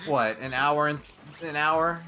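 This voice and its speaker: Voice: medium pitch, background noise. A gamer chatting in a joking, teasing way while playing. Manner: joking, teasing, with quick asides. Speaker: guest gamer. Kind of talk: casual chat while gaming.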